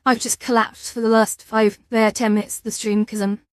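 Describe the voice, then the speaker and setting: A woman's voice: on the high side, little pitch movement, a little fast, no room sound, clean studio sound. A tired woman streamer in casual chat, rambling and yawning between restarts. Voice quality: rambling, chatty, with frequent restarts and fillers.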